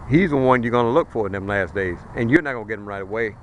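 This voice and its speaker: A man's voice: lowish voice, quick pace, a little hiss or hum, rough recording. A man preaching a fiery street sermon outdoors, blunt, colloquial and emphatic as he warns his listeners.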